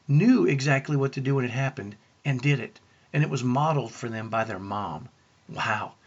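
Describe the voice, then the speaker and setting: A man's voice: medium pitch, slightly rough, dull audio. A man who works as a parenting coach, telling family stories to parents in an earnest way and asking the listener rhetorical questions. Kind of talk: storytelling talk to parents.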